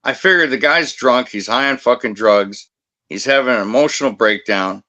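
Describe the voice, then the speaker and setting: A man in his fifties with a bright, forceful voice, telling a story bluntly and with plenty of swearing. He talks in a combative, no-nonsense way, like a security guard recounting a confrontation. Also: medium pitch, normal speed, lo-fi sound. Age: 50s. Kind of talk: casual storytelling on a talk show.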